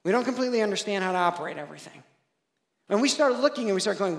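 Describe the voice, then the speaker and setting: A man's voice: high voice, expressive, rapid-fire, vocal fry, reverberant. A man in his thirties preaching a sermon, conversational and story-driven, often checking in with the audience. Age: 30s. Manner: conversational storytelling with frequent "right?" asides. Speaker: pastor.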